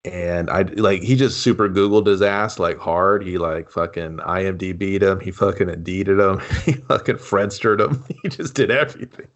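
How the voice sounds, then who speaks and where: A man co-hosting a casual movie review podcast, joking and acting out scenes in quick put-on voices. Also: deep voice. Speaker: podcast co-host.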